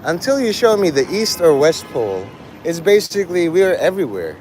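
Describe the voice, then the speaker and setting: A man's voice: fairly high pitch, sing-song, brisk, darkish tone, slight background noise. A man streaming live and talking with his chat in a provocative, profane, rambling way. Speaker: livestreamer. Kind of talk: casual livestream chat with viewers.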